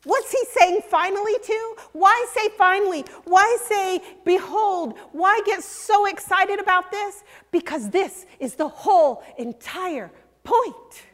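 An older woman preaching a sermon, earnest and emphatic, sometimes dropping to a hush. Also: very high-pitched, slow pace. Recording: long hall reverb.

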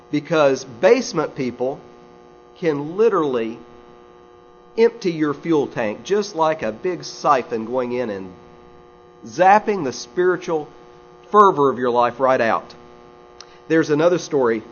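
Folksy male preacher telling stories. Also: fairly high pitch. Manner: folksy storyteller with conversational asides. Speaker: pastor. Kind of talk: sermon with humorous stories. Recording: slightly dull recording with faint mains hum.

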